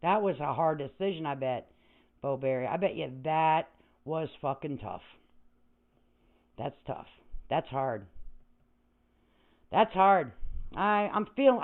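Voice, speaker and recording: A woman's voice: low-pitched, expressive, takes it slowly, pauses often. An older woman hosting a livestream, ranting in a brash, profane, rambling way, with static on the line. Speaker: livestream host. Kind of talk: casual livestream rant. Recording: tinny phone-like audio with static.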